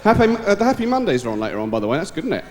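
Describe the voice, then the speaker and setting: A stand-up comedian tossing sweary banter at a live audience, his voice lively and a little high. He plays a big reverberant hall, with a loud crowd and heavy noise all around him. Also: rapid-fire. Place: large live venue stage.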